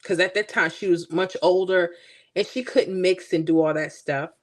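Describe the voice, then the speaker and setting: A woman's voice: fairly low pitch, steady tone, moderate pace. Chatty woman livestream host from Florida. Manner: chatty storytelling, talks to viewers by name. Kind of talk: casual livestream chat.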